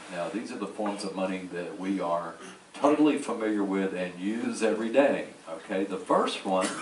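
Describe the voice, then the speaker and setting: A man from New Orleans with a Southern accent gives a slow, folksy lecture on a cruise ship and drops joking asides. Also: lowish voice, a little hiss or hum. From New Orleans, Louisiana. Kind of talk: slide lecture to an audience. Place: large ship lecture hall. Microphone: far from the recording mic. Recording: echoey hall taped from far off.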